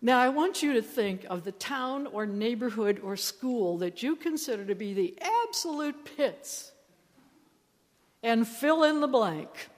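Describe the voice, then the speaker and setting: A woman's voice: a little high, lively intonation, a little slow. Woman preaching in a reverberant church. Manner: storytelling, acts out quoted lines playfully. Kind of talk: sermon.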